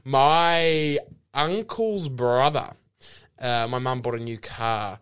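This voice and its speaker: A man's voice: medium pitch, slow, fairly bright tone, clear, resonant tone. An Australian man co-hosting a comedy podcast, telling a rambling story and laughing through his words. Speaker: podcast co-host. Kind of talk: improv comedy podcast chat.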